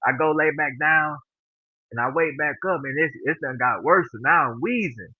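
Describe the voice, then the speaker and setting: A man's voice: on the high side, moderate pace, breathy edge, dry recording. A man guest telling a long story in casual slang, acting out the voices of the people he quotes. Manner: animated, acts out quoted dialogue; relaxed informal slang. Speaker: podcast guest. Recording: dry, phone-like narrow sound.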